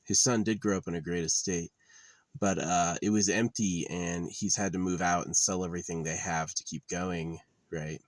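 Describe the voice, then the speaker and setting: Low-voiced man in a bitter, halting monologue. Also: fairly even intonation, no echo. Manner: halting, many restarts, bitter and blunt. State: tearful. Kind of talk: rambling personal monologue.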